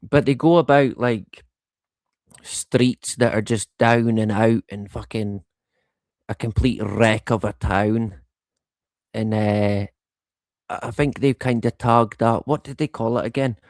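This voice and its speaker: A middle-aged man chats slowly and loosely on his live stream, drifting between thoughts. He swears freely and chuckles as he goes. His voice sits dry and close, with no room sound. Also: medium pitch, steady tone, a little mellow, no room sound. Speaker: livestream host. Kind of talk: casual live-stream chat.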